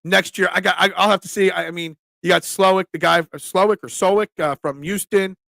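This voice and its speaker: A man with a high, bright voice talks football on a live stream, answering viewer comments in an animated, emphatic way. The sound is close and dry, with no room echo. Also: brisk, vocal fry. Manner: animated, emphatic, reads chat aloud. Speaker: sports talk host reading viewer comments. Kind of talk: casual live-stream chat.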